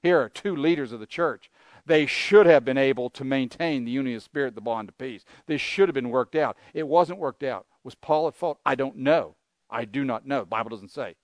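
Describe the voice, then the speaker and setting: A man's voice: mid-range voice, no room sound. An older man preaching a sermon, earnest and conversational, asking his listeners rhetorical questions. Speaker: pastor.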